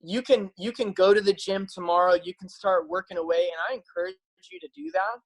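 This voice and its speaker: A man's voice: high voice, expressive, a little fast, poor audio. A man speaking casually and eagerly to his viewers as a health practitioner, upbeat and persuasive, with frequent fillers. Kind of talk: casual enthusiastic talk to camera.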